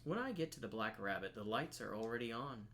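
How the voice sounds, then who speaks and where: A man's voice: mid-range voice, expressive, fast talker, fairly bright tone, a little hiss or hum. Playful man streaming a game. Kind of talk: casual let's-play commentary and reading.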